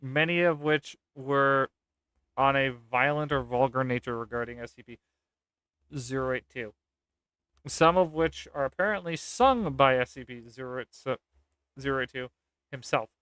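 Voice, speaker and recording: A man's voice: medium pitch, moderate pace, fairly bright tone, smooth, no room sound, studio quality. A man reading a document aloud with casual, sarcastic commentary and occasional swearing. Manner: sarcastic, swears, laughs at the text. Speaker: gaming content creator.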